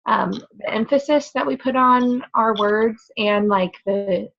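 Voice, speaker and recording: A woman's voice: on the high side, slow pace, vocal fry, dull audio. A woman from the United States, a student sharing a casual, chatty comment in a class discussion with many "like" fillers. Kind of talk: class discussion over video call. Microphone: video call.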